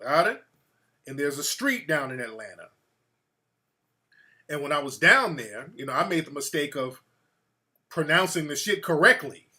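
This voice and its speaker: On his call-in talk show, a radio host chats loosely and swears freely in a profane, conversational manner. His voice is a little high and very animated, with a sharp tone, a moderate pace and long pauses.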